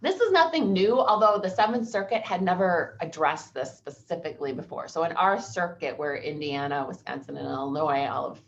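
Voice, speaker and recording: A woman's voice: low voice, brisk, vocal fry, hardly any pauses, lo-fi sound, slight background noise. A woman, an employment attorney giving a legal seminar talk in a conversational, storytelling way.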